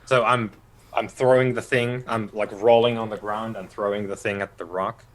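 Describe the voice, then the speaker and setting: A man playing a tabletop game, planning his character's moves in a halting, thinking-aloud way. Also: lowish voice, level tone, rough recording. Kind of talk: casual game talk.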